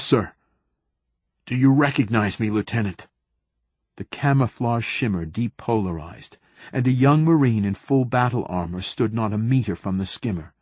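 A man narrating an audiobook in a steady, measured reading. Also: on the low side, breathy edge, dry recording. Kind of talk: scripted narration.

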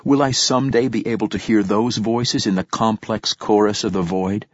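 Man, low husky voice, reflective first-person audiobook reading, dull dry recording. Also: steady tone, moderate pace, no echo. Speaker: audiobook narrator.

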